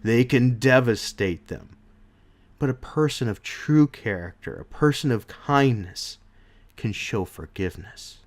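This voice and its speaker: Animated man reviewing comics. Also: mid-range voice, unhurried. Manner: animated, rambling with restarts. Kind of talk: casual video review.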